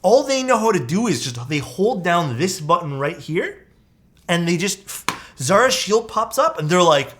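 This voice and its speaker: A young man chatting casually on a live stream, animated and swearing often, calling his viewers dude. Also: high-pitched, unhurried.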